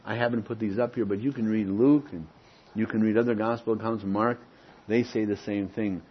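A man preaching a teaching sermon, often checking in with "Okay?" and pressing key words before dropping low and quiet. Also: steady tone, brisk, slightly rough, highs cut off. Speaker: pastor.

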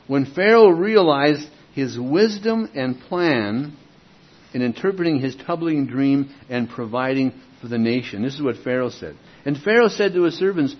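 Emphatic preacher with husky voice. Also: male voice, a little high, sing-song, measured pace. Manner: conversational, emphatic, rises on key words. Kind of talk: expository Bible teaching. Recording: dull lo-fi recording.

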